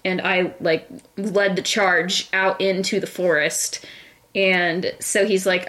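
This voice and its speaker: A woman's voice: lowish voice, little pitch movement, slow pace, fairly bright tone. A young woman co-hosting a podcast, telling a long embarrassing story in a casual, self-mocking way and laughing often. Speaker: podcast co-host.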